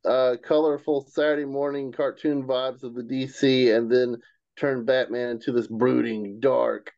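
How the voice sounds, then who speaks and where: A man's voice: mid-range voice, little pitch movement, measured pace, vocal fry, a little mellow, no room sound. A man with a mid-range voice sums up movie plots with wry, dry humor. His voice comes through a dull, lo-fi mic in a dry, dead space. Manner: wry, dry jokes, summarizing. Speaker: podcast co-host. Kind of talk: casual movie review chat.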